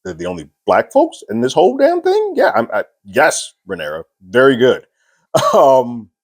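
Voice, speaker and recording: A man's voice: mid-range voice, wildly swooping pitch, moderate pace, slightly rough. A man casually recapping a TV episode, chatty and amused, paraphrasing scenes with frequent fillers. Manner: amused, laughing between points. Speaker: TV show recap host.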